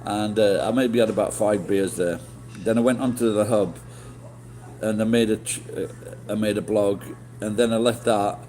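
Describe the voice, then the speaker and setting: A man's voice: on the low side, steady tone, moderate pace, warm tone. A middle-aged man telling rambling stories to his stream chat, swearing often and restarting his sentences. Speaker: livestreamer. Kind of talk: casual storytelling to chat.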